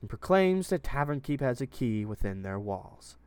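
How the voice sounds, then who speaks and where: A man voicing a wounded, frightened young captive woman with a low, somewhat manly voice, who pleads and stammers. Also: lively intonation, measured pace, no room sound, natural voice. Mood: pleading.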